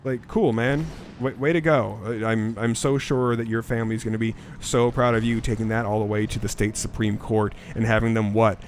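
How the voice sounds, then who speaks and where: A man's voice: fairly low pitch, steady tone, moderate pace, few pauses. A man chatting casually as a podcast co-host over gameplay. He rambles through anecdotes with a lot of fillers and restarts, laughing along the way. A faint hiss of noise sits under the voice. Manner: rambling storyteller, laughs often. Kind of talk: casual chat while gaming.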